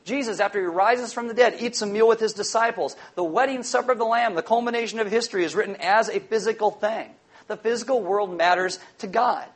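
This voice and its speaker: A male pastor preaching a sermon emphatically, repeating key lines and slowing down to drive them home. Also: high-pitched.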